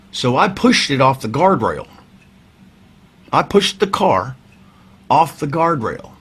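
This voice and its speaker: A man, a veteran musician telling his story in a casual interview, candid and wry, swearing freely and dropping into quiet asides. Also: mid-range voice, husky. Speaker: podcast guest, veteran musician.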